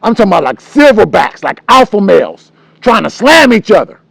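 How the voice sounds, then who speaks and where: An animated middle-aged man tells a story about his childhood. His voice sits high and swings widely, with a gravelly edge, recorded close and dry. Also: brisk, no room sound. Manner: animated and loose, acts out voices and hums tunes. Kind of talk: casual storytelling.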